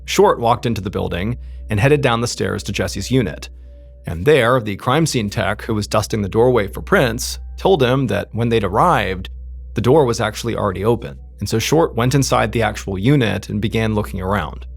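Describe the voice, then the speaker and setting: A man's voice: on the low side, moderate pace, vocal fry, breathy edge, faint music behind. A man telling a true crime story in a casual, conversational way, with frequent "you know" asides.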